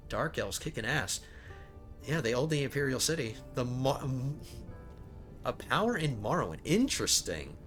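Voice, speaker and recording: A man's voice: mid-range voice, sing-song, moderate pace, fairly bright tone, soft background music. A man hosting a strategy game let's play, thinking aloud and often stumbling over his words. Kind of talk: casual gameplay commentary.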